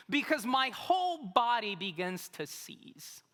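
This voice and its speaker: A man's voice: high-pitched, animated, unhurried, pushed and bright. A man preaching a sermon as pastor, telling a personal story with humorous, self-mocking asides. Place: church sanctuary. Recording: reverberant church hall.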